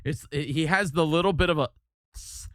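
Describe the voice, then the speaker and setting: A man's voice: a little high, normal speed, fairly bright tone. A male streamer chatting casually, rambling and stammering as he reacts, and easily amused. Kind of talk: casual live-stream chat.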